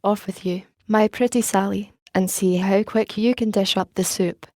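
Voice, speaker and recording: A woman's voice: medium pitch, fairly even intonation, normal speed, a little mellow, no echo, studio quality, lightly acted. A woman narrator voicing a cheerful, courtly young English lord. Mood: jovial. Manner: jovial, courtly.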